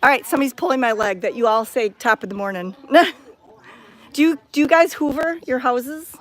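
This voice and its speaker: A bubbly, chatty woman with a fairly high voice, filming a casual vlog while she walks around outdoors. She talks into a handheld phone camera with plenty of enthusiasm. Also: moderate pace. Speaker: cat sanctuary vlogger. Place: outdoors at a cat sanctuary.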